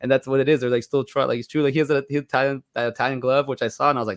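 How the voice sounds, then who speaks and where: A man from Mexico co-hosting a casual movie podcast, rambling and animated, often acting out quoted voices. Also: medium pitch, racing, no room sound, studio quality. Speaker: podcast co-host.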